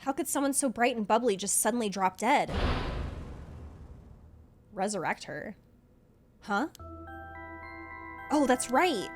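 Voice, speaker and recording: A woman's voice: fairly high pitch, animated, slow, pauses often, music in the background. A woman reading as a shaken young protagonist. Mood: grim, hushed. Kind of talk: reading game dialogue aloud.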